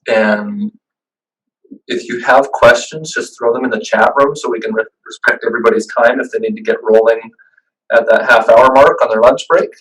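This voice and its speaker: A man's voice: medium pitch, fairly even intonation, brisk, fairly bright tone, recorded from a distance, low-quality recording. A man presenting a webinar over a video call, talking in a casual, chatty way with fillers and restarts. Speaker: business owner giving a webinar.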